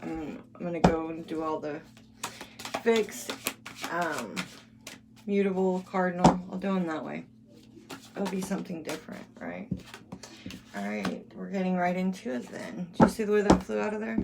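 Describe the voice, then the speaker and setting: A woman's voice: fairly low pitch, expressive, moderate pace, vocal fry, pauses often. A woman giving a casual tarot reading, musing and thinking aloud as she lays out cards. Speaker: tarot reader. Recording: loud background noise.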